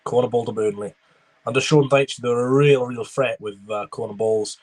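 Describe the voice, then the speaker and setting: A man's voice: mid-range voice, steady tone, normal speed, a little mellow. A young man streaming a live football watchalong, giving running commentary and chatting with viewers. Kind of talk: live match reaction with chat replies.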